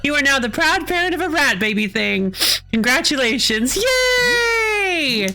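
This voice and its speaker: A woman streaming a game with excitable, giggly commentary that breaks into panicky shrieks. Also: high voice, a little fast, vocal fry, over loud music. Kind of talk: live gameplay commentary.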